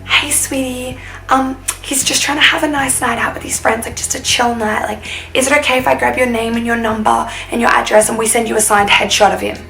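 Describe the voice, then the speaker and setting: A woman's voice: fairly high pitch, fairly even intonation, brisk, vocal fry, a bit bright. Woman quoting a polite, soothing young woman. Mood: placating. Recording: roomy sound, distant mic, faint music.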